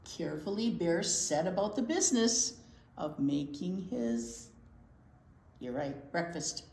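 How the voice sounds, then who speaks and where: A woman reads a picture book aloud to young children, slow and unhurried. Her pitch rises and falls in a lively way as she points out the pictures. The voice rings in a roomy, echoing space. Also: vocal fry, a little hiss or hum. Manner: unhurried, expressive reading to young kids. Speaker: children's librarian. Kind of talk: children's read-aloud storytime. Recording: roomy echo.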